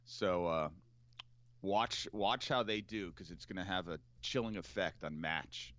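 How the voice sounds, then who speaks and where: A man's voice: deep voice, a little slow, a bit bright, dry recording, dull audio. A man co-hosting a trading show in casual chat, wry and teasing as he talks markets. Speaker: co-host of options trading show.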